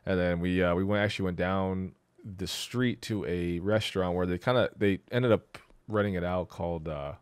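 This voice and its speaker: A man's voice: sits low, normal speed, clear, resonant tone, no echo. A young man co-hosting a podcast, telling stories in casual chat, laughing often and trailing off mid-sentence. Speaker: podcast co-host.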